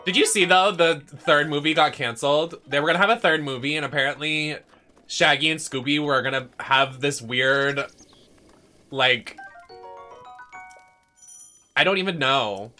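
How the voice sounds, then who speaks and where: A young man streaming a video game, ranting in a dramatic, sweary way that swings from shouting to muttering. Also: fairly high pitch, a little slow, long pauses, faint music behind. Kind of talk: casual rant while gaming.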